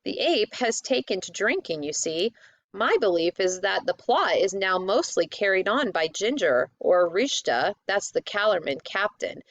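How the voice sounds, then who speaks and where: A woman's voice: mid-range voice, a bit bright, no room sound. A woman doing a folksy, rambling dwarf. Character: gruff, chatty male dwarf.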